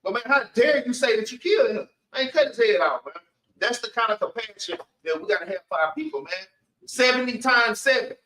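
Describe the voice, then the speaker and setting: A man's voice: very high-pitched, animated, brisk, a bit bright. A man teaching a Bible class, giving emphatic spoken commentary on scripture and keeping the readings going. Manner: emphatic, calls everyone man, urges reading on. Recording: echoey room, far from the mic.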